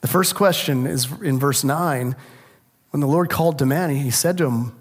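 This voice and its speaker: A middle-aged male pastor delivers a sermon with a voice pitched a little above the usual. He tells stories in an animated way and keeps asking the listeners rhetorical questions. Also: normal speed, husky.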